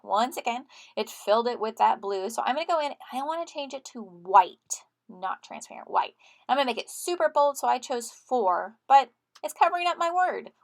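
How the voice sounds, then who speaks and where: Woman teacher, slightly high voice, friendly step-by-step tutorial narration for students. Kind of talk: screen-recorded software tutorial.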